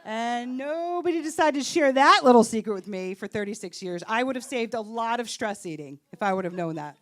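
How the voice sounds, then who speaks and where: A woman in her late thirties works a comedy stage in a live stand-up set, her voice pitched high and swooping animatedly through each line. She lands her jokes with a wry, sarcastic edge, speaking into a handheld stage mic. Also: expressive, brisk. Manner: wry, sarcastic punchline delivery.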